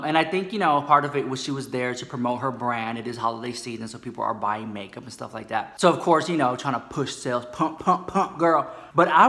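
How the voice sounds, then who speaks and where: A man's voice: medium pitch, sharp tone. A man doing a campy, dramatic gossip vlog, sassy and full of "girl" asides. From United States. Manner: sassy, dramatic, calls viewers "girl" constantly. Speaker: comedy vlogger.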